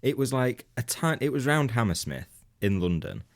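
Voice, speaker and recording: A man's voice: mid-range voice, big pitch swings, normal speed. A man co-hosting a comedy podcast, telling a rambling anecdote in casual banter, laughing often and swearing freely. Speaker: podcast co-host.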